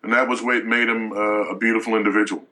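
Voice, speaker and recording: Man, middle-aged, bright voice, halting delivery, restarts and fillers. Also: fairly low pitch, level tone, poor audio. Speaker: guest. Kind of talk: emotional storytelling.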